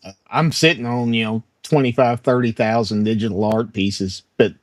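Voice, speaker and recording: A man's voice: mid-range voice, fairly even intonation, normal speed, no echo. A man who is a guest digital artist, chatting casually in an easygoing, agreeable way and often chuckling. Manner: laid-back, agreeable, chuckling. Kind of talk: casual chat.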